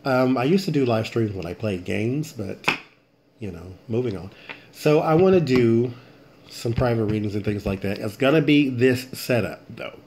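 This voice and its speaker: This channel host reads tarot late at night in a medium-pitched, animated, somewhat dark voice at a moderate pace, with a bit of hiss or hum. He's yawning and tired, suppressing yawns while he rambles chattily through his thoughts.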